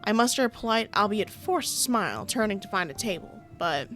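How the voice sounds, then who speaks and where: A young woman game streamer plays through a game, reading its text aloud and breaking off for playful, sarcastic asides with frequent laughter. Her medium-pitched voice is lively, brisk, and a bit bright, with soft background music.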